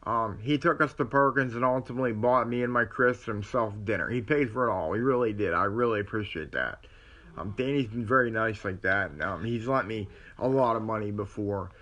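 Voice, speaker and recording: A man's voice: lowish voice, a little fast, sharp tone. A man, telling a personal story to camera in a rambling way, acting out what others said. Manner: rambling, with many restarts and quoted dialogue. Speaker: vlogger.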